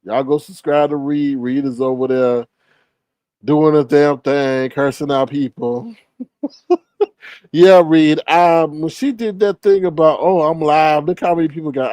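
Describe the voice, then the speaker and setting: A man's voice: on the high side, a little slow, darkish tone, dry recording. A man hosting a reaction commentary, blunt and exasperated, with laughing asides. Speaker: commentary channel host.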